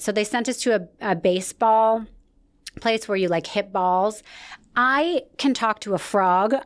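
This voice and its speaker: A woman hosting a podcast, telling a story in casual chat and acting out what people said. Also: medium pitch. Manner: animated storytelling, acts out quotes. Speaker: podcast host.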